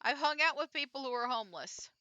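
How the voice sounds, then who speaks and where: A woman streamer chats her way through a game in a rambling, easygoing way. Her voice sits a little high and sounds bright and crisp. The close mic gives a dry sound. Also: animated, quick pace, dry recording. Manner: rambling, chatty, with frequent fillers. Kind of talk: casual let's-play commentary.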